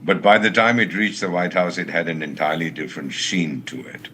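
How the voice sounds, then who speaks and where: An older man, a former ambassador, speaking as a guest on a live TV news debate in a measured, formal way. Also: low voice, fairly even intonation, bright, forceful tone, slight background noise.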